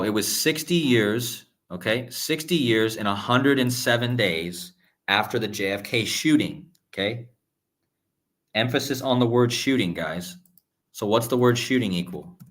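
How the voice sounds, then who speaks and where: This man's voice sits on the low side, expressive and fairly bright, as he hosts a numerology live stream with his screen shared. Insistent with his viewers, he keeps circling back with "okay?" and "guys," often breaking off to start a sentence over.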